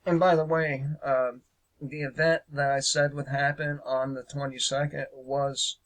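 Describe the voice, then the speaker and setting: A man's voice: medium pitch, vocal fry, fairly bright tone, poor audio. A man hosting a casual political commentary show, speaking hesitantly with lots of fillers and a sarcastic edge.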